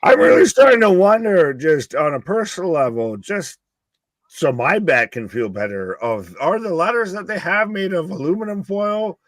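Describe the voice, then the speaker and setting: A man's voice: fairly high pitch, moderate pace, no echo. A man from Canada co-hosting a live wrestling watch-along, joking his way through the match. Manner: jokey, lively, drifts into playful asides. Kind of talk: casual live commentary.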